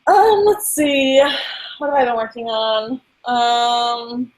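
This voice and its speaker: A young woman in casual chat, enthusiastic and quick to laugh. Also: on the high side, animated, rough recording. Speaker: co-host.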